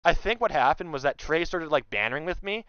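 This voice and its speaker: A young man telling a story in casual chat, animated and loudly acting out what others said. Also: fairly high pitch, a little fast, highs cut off, noisy background. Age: young adult. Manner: animated, acts out quotes loudly. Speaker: guest.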